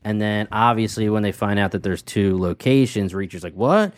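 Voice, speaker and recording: A man's voice: lowish voice, fairly even intonation, fairly quick. A man co-hosting a podcast, easygoing and laughing often as he chats about a TV show. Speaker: podcast co-host. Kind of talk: casual chat.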